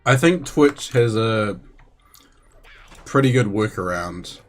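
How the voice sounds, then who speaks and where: A man's voice: fairly low pitch, lively intonation, slow, faint music behind. A man streaming a game live, chatting casually with viewers between moves and chuckling now and then. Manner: chatty, chuckles, talks to viewers while playing.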